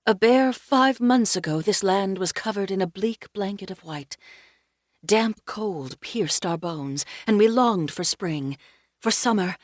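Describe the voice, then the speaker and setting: A woman's voice: medium pitch, expressive, measured pace, no echo, studio quality. A woman narrator voicing a theatrical female librarian coworker who declaims grandly, like she's quoting a play. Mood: melodramatic.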